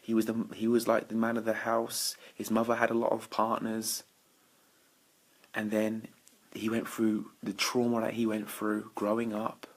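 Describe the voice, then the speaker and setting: A man's voice: on the low side, vocal fry, breathy edge. A man doing a late-night Facebook Live as a motivational speaker, talking energetically to viewers and greeting them by name. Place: indoors at night. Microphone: phone or webcam for a live stream.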